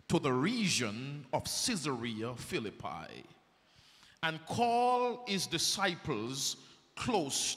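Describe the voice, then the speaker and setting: A man preaching a sermon as an evangelist, in a dramatic, rhetorical style that swells to shouts. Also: mid-range voice. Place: church sanctuary. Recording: echoey church hall.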